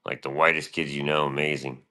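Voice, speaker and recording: A man's voice: very deep voice, flat delivery, brisk, pushed and bright, clear, resonant tone. A middle-aged man streaming, talking in a profane, meandering, laid-back monologue. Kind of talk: casual rambling monologue.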